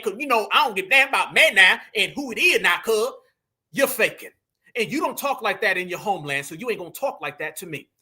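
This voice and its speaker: A commentary channel host from the Southern United States, with a Southern accent, speaks in a high, pushed, bright, husky voice. Reacting to a clip, he sounds scornful and preachy and calls his viewers family.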